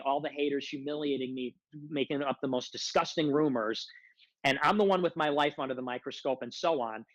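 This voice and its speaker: A man's voice: on the high side, fairly bright tone, no echo. A man ranting angrily and profanely as a guest on a talk stream, aggrieved and repeating himself. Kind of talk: heated rant. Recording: dull lo-fi dry sound.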